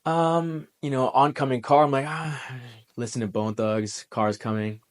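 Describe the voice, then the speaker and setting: A man in his twenties, a former Marine, telling a personal story in a relaxed, conversational way, full of military slang. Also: mid-range voice, unhurried. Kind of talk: casual storytelling monologue.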